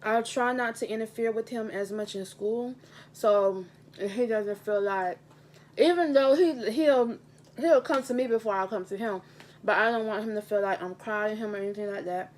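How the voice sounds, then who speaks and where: A woman's voice: mid-range voice, moderate pace, darkish tone. A young adult woman, a teacher, talking in a casual vlog at a table at home, earnest and heartfelt, repeating her points for emphasis, recorded on a camera mic. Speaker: teacher and vlogger. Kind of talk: casual mukbang vlog talk. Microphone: handheld camera mic.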